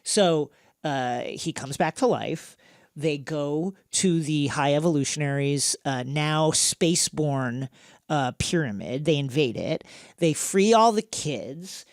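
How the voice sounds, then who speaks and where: Man, gravelly, podcast host, dry close sound, animated storytelling. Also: on the high side, slow, no echo. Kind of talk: casual film recap chat.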